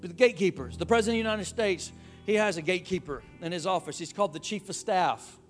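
A man's voice: high voice, quick pace, soft background music. A man preaching a sermon to his congregation, calling out to them and breaking into playful asides. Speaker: pastor.

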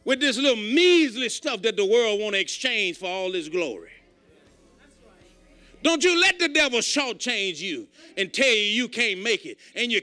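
A male pastor preaching in a very high, piercingly bright voice. His delivery is folksy and emphatic, with stories told plainly and lines that climb into shouts. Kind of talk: sermon.

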